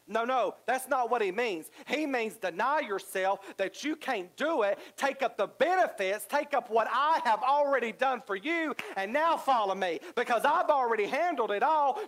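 A man's voice: extremely high pitch, fairly bright tone, rough recording. A middle-aged male pastor, preaching a sermon with rising emphasis and repetition.

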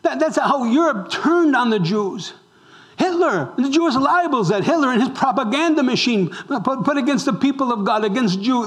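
A male pastor delivers a sermon in a fairly high voice. He presses his listeners with rhetorical questions, swinging from loud emphasis to hushed, almost whispered lines. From raised Roman Catholic.

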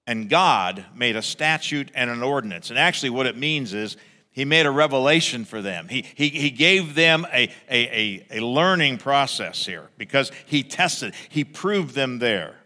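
A man preaching a sermon as pastor, animated, acting out a grumbling crowd in raised voices. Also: mid-range voice, normal speed, long reverb tail.

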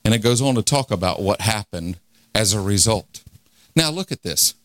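A man's voice: fairly low pitch, lively intonation, normal speed, dry recording. A man in his forties preaching a fervent revival sermon, leading the crowd in call-and-response and laughing often. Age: 40s.

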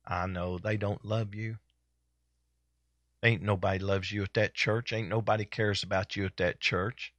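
A sly, wheedling devil murmurs low and quiet, coaxing someone away from faith, as a man puts him on in a sermon. The voice sits deeper than his speaking voice and drops almost to a hush. The sound is close and dry. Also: flat delivery, normal speed, no room sound, lightly acted.

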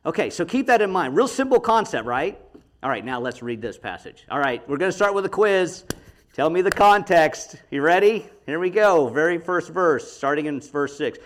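A middle-aged man teaching a Bible study in a chatty, animated way, laughing often and checking in with his listeners. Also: fairly high pitch, moderate pace. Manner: animated, chatty, laughs often, talks to the audience with frequent "okay?".

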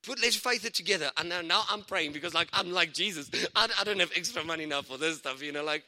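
Excitable preacher in a reverberant hall. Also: male voice, fairly high pitch, fast, hardly any pauses. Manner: animated, excitable preaching with asides and laughs. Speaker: guest preacher. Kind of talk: sermon.

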